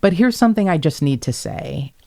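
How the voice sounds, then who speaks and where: A woman hosting a podcast, telling stories in a casual, animated way, blunt and quick to swear. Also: low voice, vocal fry. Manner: animated, blunt storyteller who swears freely. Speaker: podcast host. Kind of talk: casual chat.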